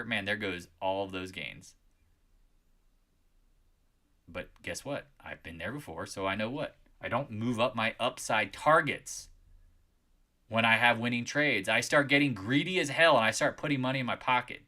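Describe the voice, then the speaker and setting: A man's voice: on the low side, pushed and bright. A man hosting a live market chat, scolding his viewers and raising his voice as he rants. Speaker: trading channel host.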